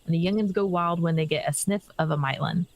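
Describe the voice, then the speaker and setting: A woman's voice: on the low side, fast talker, muffled recording, noisy background, lightly acted. A woman doing a folksy chocobo trainer. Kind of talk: reading game dialogue aloud.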